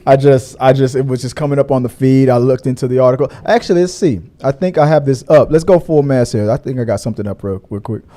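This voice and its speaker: A man hosting a casual online show, chatting loosely, laughing often and now and then breaking into high mocking voices. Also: fast, hardly any pauses, mellow. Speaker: podcast host. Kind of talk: casual chat.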